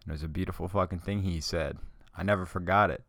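A man hosting a solo podcast who talks in a casual, rambling, profane way while high. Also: fairly even intonation, fast, fairly bright tone, dry recording, clean studio sound. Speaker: podcast host.

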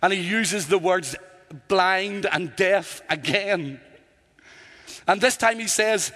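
A man's voice: high-pitched, takes it slowly, pauses often, sharp tone. A man preaching a sermon with impassioned delivery, building to emphatic, repeated declarations. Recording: long hall reverb.

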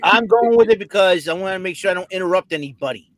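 A man on a group podcast, teasing and defensive in a lively back-and-forth. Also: high-pitched, fast. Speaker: podcast co-host. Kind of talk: casual group chat.

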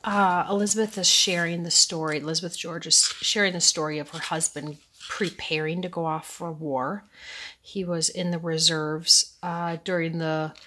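A woman in her thirties talks late at night on her home podcast, sleepy and rambling. Her voice sits a little low, and soft laughs slip in as she chats. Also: fairly even intonation, moderate pace. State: sleepy, yawning. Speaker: podcast host. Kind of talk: casual faith podcast chat.

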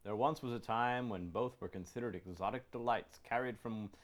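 A man's voice: mid-range voice, moderate pace, a loud crowd. A man co-hosting a casual beer podcast, reading a label aloud with playful banter. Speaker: podcast co-host. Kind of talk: casual chat over beer.

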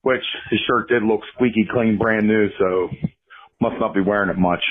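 A man's voice: lowish voice, steady tone, moderate pace. A man calling in to a podcast, rambling in a friendly, profane way, over a tinny phone line. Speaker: caller. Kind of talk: phoned-in voicemail.

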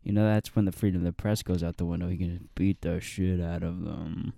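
Low-voiced young man, laid-back banter. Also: steady tone, a little fast, gravelly, mellow, no echo, studio quality. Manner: laid-back, riffing, laughs a lot. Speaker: podcast co-host. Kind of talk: casual chat.

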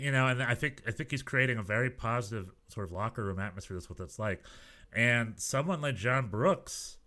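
A man's voice: lowish voice, a little fast. A man co-hosting a podcast, chatting casually and telling rambling stories with lots of restarts. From United States. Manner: animated, rambling storyteller with many restarts. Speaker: podcast co-host. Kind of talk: casual chat.

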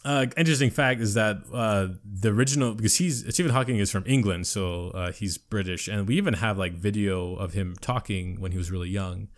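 A man's voice: fairly low pitch, a little fast, hardly any pauses. A man chatting casually, explaining technology in a rambling way full of fillers and restarts.

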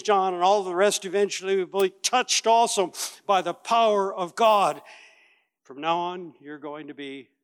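A man preaching a sermon as a pastor, telling the story with lively acted-out voices and big swings from loud to quiet. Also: fairly high pitch. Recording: long reverb of a large hall.

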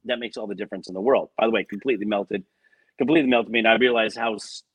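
A male podcast host with a husky voice talks in a friendly, reassuring way. His voice is dry and close, with no room sound. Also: on the low side, fairly even intonation, very fast, no room sound. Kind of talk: casual chat.

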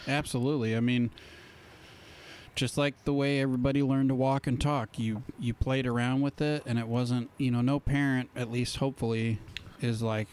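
A man's voice: mid-range voice, fairly even intonation, normal speed, darkish tone, clean tone. A man co-hosting a podcast in casual chat, explaining his points thoughtfully and often answering with short agreements. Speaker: podcast co-host.

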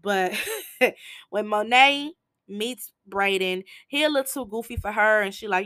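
Bright-voiced woman recapping a show. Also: medium pitch, normal speed, smooth, no echo. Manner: animated storytelling with slangy asides. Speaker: TV episode recapper. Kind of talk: casual episode recap.

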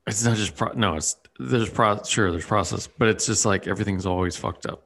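A man's voice: lowish voice, fairly quick, gravelly, fairly bright tone. A man in casual chat, rambling with lots of fillers and restarts.

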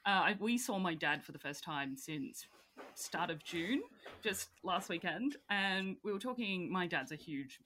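Lively, laughing young woman telling stories. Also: fairly low pitch, measured pace, a little hiss or hum. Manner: animated storytelling, laughing often, acting out quotes. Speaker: podcast co-host. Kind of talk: casual chat.

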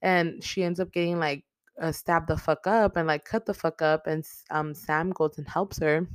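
A woman with a low voice recaps a movie, rambling with lots of fillers and nonstop swearing. She talks bluntly and excitably, recorded close and dry. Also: moderate pace, dry recording.

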